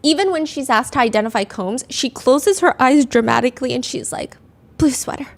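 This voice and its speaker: A young adult woman with a slightly high voice hosts a podcast. She tells a true-crime story in a chatty, conversational way. She reads quoted lines with lively emphasis. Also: brisk, gravelly. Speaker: podcast host.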